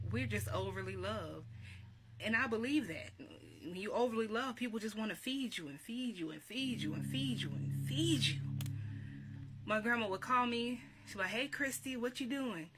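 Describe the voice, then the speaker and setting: A woman, chatting warmly and reminiscing, laughing often and repeating herself. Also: medium pitch. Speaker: vlogger. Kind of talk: casual encouraging talk. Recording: steady background hiss.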